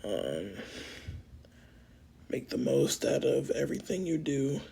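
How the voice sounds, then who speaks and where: Gravelly, husky man signing off a livestream. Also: medium pitch, very animated, dark tone. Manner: drawn-out, rambling, heartfelt goodbyes. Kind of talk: casual livestream sign-off.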